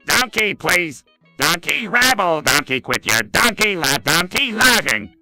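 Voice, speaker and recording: A man's voice: high voice, big pitch swings, measured pace, pushed and bright, no echo, faint music behind, full character voice. A synthetic male voice playing a grumpy adult male cartoon octopus, sour and exasperated. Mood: irritated.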